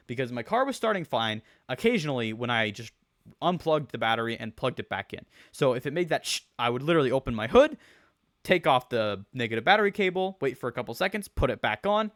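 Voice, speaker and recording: A man's voice: medium pitch, a bit bright, no room sound. Young male streamer, mid voice, rambling slangy storyteller, dry close-mic sound. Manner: rambling, restarts, slangy, swears. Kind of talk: casual storytelling rant.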